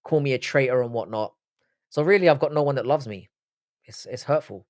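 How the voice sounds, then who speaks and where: A man's voice: mid-range voice, a little fast, darkish tone, no echo. A man hosts a live stream, chatting casually and reading out viewer comments. His talk is loose and sweary, full of teasing banter. The recording is dry and close, with no room sound. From Britain. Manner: joking, sweary banter with chat.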